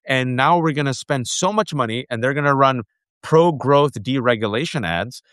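A man's voice: mid-range voice, expressive, moderate pace, a bit bright, clean tone, no echo. Man ranting sarcastically in a dry room. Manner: sarcastic, mocking voices of opponents. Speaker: political commentator guest. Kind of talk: heated political rant.

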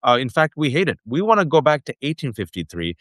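A man's voice: medium pitch, very animated, quick pace, a bit bright, no echo, clean studio sound. A man giving a heated, sarcastic political rant on a talk show, mocking his opponents' voices as he goes. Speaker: political commentator guest.

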